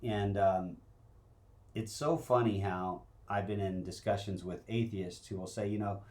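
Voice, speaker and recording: Lower-voiced man in casual talk. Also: fairly even intonation, a little slow, a little mellow. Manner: conversational, laughs often. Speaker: co-host. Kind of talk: casual talk-show conversation.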